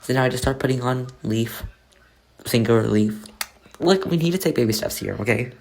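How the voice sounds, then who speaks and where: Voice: medium pitch, expressive, normal speed, creaky, darkish tone, a little hiss or hum. A crafting vlogger narrating their own paper project in a rambling, chatty, self-mocking way. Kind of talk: casual narrated crafting vlog.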